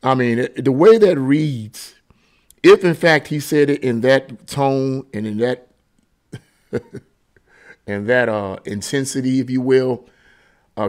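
Guy doing political commentary, mid pitch, chatty and emphatic, says things twice. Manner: conversational and emphatic, often repeats himself. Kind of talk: casual commentary on a news article.

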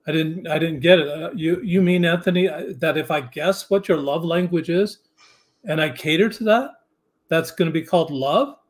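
A man speaks as a podcast guest with an earnest, halting delivery. His voice is on the high side for a man. He often stops and restarts his sentences as he works through his thoughts. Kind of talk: casual interview chat.

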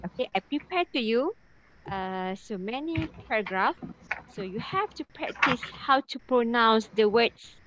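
A woman's voice: medium pitch, slight background noise. A woman teaching a language class online, patiently repeating questions and spelling out syllables. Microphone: video call. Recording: dull lo-fi call audio.

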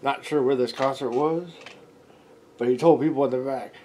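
A man's voice: mid-range voice, fairly even intonation, normal speed, mellow, a little hiss or hum. A man rambling through a made-up comic story, giggling and correcting himself as he goes. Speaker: amateur storyteller.

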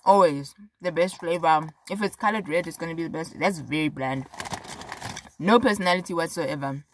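A woman's voice: deep voice, normal speed, a little hiss or hum. A young South African woman vlogging, talking frankly and chattily to her viewers with lots of fillers and emphatic repeats. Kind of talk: casual talk to camera.

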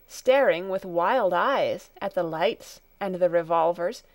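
Measured woman reading a storybook. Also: medium pitch, no room sound. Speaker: audiobook narrator. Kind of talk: scripted storybook narration.

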